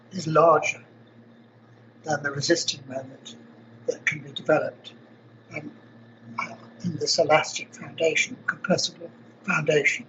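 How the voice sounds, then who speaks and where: An older man from South Africa, interviewed in a university lab, explaining technical ideas step by step in a measured way. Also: a little high, fairly bright tone, highs cut off, a little hiss or hum. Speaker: interviewee, engineering professor.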